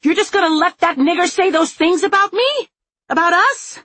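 A woman narrator voicing a furious young woman who shouts in rage. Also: very high-pitched, lively intonation, normal speed, no room sound, pitched above the performer's own voice. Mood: furious shouting. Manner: shouting, raging.

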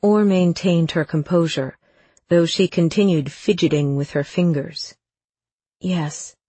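Husky, dry audiobook narrator. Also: medium pitch, a little slow, dark tone, no room sound.

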